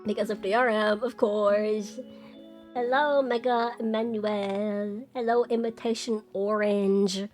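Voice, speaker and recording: A woman's voice: medium pitch, fairly even intonation, slow pace, a little mellow, soft background music. A young woman streaming, chatting casually and bubbly, jumping up into squeals when she greets her chat.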